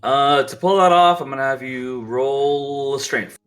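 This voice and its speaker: A man narrating as game master in a tabletop game, often halting and restarting his sentences. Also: medium pitch, fairly bright tone, clean tone. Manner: halting, filler-heavy narration.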